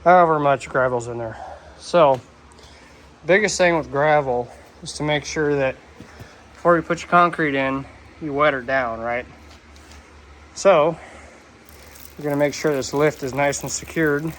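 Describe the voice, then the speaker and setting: A relaxed man explains his shop work as he goes, thinking out loud and admitting he isn't sure it's right. He sounds a little out of breath from the digging, and the talk stays casual and unpolished. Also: a little high, unhurried, pauses often, a little hiss or hum. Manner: unsure, thinking aloud, laid-back. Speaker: DIY vlogger. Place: shop or garage.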